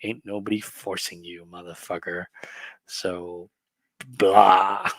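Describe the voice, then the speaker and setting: A man's voice: low voice, flat delivery, slow, a bit bright, no room sound. A man co-hosting a collectibles stream, ranting profanely and with exasperation in casual chat.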